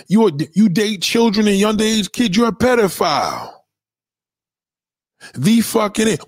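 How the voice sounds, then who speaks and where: A man's voice: fairly high pitch, big pitch swings, moderate pace, husky, no echo. A man giving blunt, profane opinions in a casual, emphatic rant, often repeating himself. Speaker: commentator.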